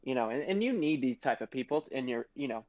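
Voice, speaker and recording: A man's voice: mid-range voice, lively intonation, fast, dry recording. A man playing in a tabletop game, talking in a hesitant, rambling way full of fillers and restarts. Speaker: player. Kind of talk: casual tabletop game chat. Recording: dull lo-fi mic.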